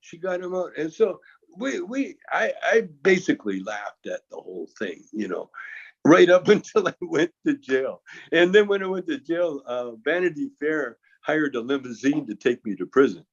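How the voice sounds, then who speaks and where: A man's voice: a little high, big pitch swings, normal speed, husky. A male guest casually telling a long anecdote, often chuckling and restarting his sentences. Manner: chuckling storyteller who stammers and restarts. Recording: dull lo-fi sound.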